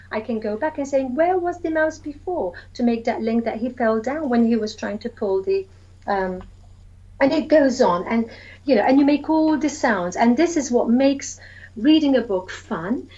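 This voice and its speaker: A woman's voice: on the high side, lively intonation, moderate pace, darkish tone, lo-fi sound. A woman early years educator chatting eagerly about reading to young children, acting out story voices and sounds.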